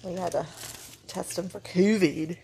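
A woman's voice: lowish voice, fairly even intonation, unhurried, vocal fry, dark tone, a little hiss or hum. A middle-aged woman chatting casually, a gushing grandmother with lots of fillers. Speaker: vlog co-host, grandmother. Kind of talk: casual breakfast chat.

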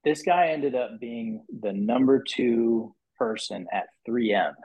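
A man guest on a podcast, telling his story in a casual, animated way, with many restarts and repeated "you know"s, and his voice rising high when he acts out what others said. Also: slow pace, breathy edge. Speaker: podcast guest, business owner. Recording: muffled lo-fi podcast audio.

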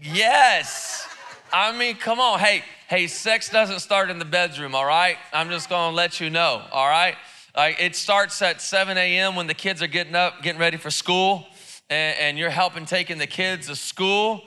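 A man's voice: high voice, steady tone, moderate pace, pushed and bright, clean tone. A man preaching a sermon in church, casual and joking, with lots of repeated words and restarts. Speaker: pastor. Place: church service.

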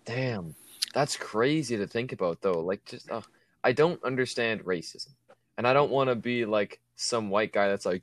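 A man's voice: on the low side, moderate pace, dry recording. A young man chatting casually in a laid-back way, chiming in with jokes. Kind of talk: casual chat.

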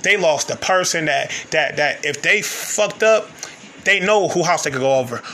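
A young man hosting a podcast, with a fairly high and very bright voice. He talks in an earnest, confiding way and calls out to his listeners often. A faint hiss runs underneath. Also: animated, normal speed. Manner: earnest, confiding, peppers talk with "man" and "y'all". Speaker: podcast host. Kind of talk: personal storytelling monologue.

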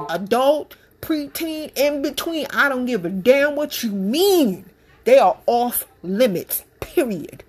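A woman's voice: mid-range voice, husky. Mom ranting her take straight to camera, blunt and fired up, says things over and over to hammer it home. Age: adult parent. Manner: emphatic, repetitive, blunt and passionate. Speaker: commentator giving her opinion. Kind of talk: casual opinion monologue.

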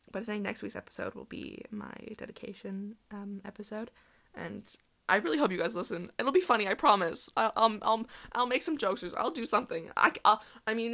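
A woman's voice: mid-range voice, gravelly, fairly bright tone. A young woman hosting her own solo podcast, chatting in a rambling way full of ums and restarts. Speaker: podcast host. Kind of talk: casual solo podcast chat.

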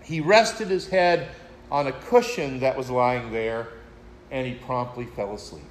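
Slow, reflective preaching man. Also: mid-range voice, slight background noise. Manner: reflective storytelling, addresses listeners as friends. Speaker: pastor. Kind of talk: sermon.

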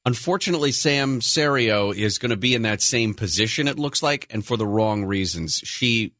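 A man co-hosting a talk radio show, chatting casually and telling stories with sarcastic, animated flair. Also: medium pitch, normal speed, dry recording, clean studio sound. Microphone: studio microphone.

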